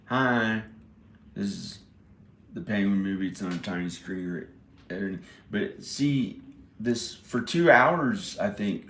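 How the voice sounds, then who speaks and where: A man vlogging alone, muttering his rambling thoughts as they come. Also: fairly low pitch. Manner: muttering to himself, meandering. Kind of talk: rambling solo vlog. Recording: echoey room.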